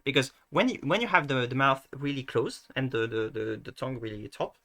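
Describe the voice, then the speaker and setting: A man's voice: mid-range voice, brisk, bright, forceful tone. A man giving a casual screen-share lesson, hesitant and full of restarts, fillers and self-mocking asides. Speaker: video tutor.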